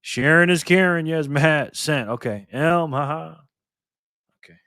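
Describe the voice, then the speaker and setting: A middle-aged man hosting a casual live stream, lively and teasing, laughing often as he reacts to chat. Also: a little high, unhurried, dry recording, studio quality.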